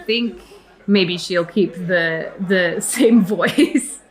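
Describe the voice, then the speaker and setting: A woman's voice: on the low side, extremely slow. A woman playing a tabletop game who plans her moves hesitantly, thinking aloud. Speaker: player. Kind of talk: casual tabletop play.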